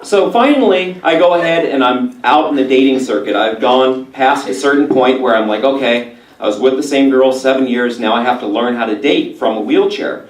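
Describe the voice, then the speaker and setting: A man doing a crude stand-up comedy set, telling stories deadpan and jumping into high voices for the people he quotes. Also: moderate pace. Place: theater stage before a live audience. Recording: roomy live room, mic at a distance, loud crowd laughter. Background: audience laughing.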